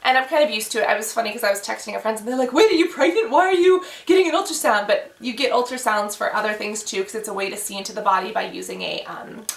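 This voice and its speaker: Young woman, casual storytime vlog, bright edgy voice, gravelly fry, echoey room a bit off mic. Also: medium pitch, quick pace, few pauses, far from the mic. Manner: animated storytelling, acting out quoted voices. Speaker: vlogger.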